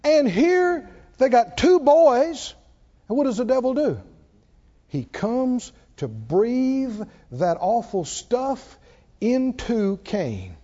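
A man preaching a sermon in a folksy, animated way, asking the congregation questions as he goes. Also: very high-pitched. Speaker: pastor. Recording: dull lo-fi recording.

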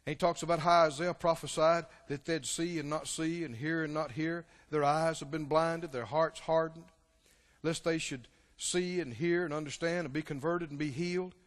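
A man preaching a sermon, emphatic and calling out to his congregation, swinging between hushed and shouted lines. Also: fairly high pitch, fairly even intonation, normal speed. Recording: long hall reverb.

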